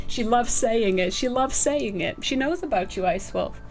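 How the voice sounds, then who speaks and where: A woman streamer chatting casually and excitedly, greeting viewers by name. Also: on the high side, moderate pace, gravelly, soft background music. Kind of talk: casual live-stream chat.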